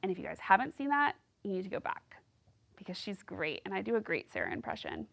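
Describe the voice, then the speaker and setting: Her mid-range voice is gravelly and fairly bright, swinging hugely in pitch at a quick pace. She's a podcast host on a casual solo show, gossiping, rambling, and saying "like" a lot.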